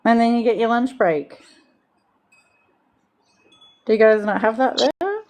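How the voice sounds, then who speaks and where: A woman's voice: a little high, measured pace, a little mellow. A woman with an Australian accent, chatting casually and coaching friends through phrases on a livestream. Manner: laughs often, coaching others through phrases. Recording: livestream call audio.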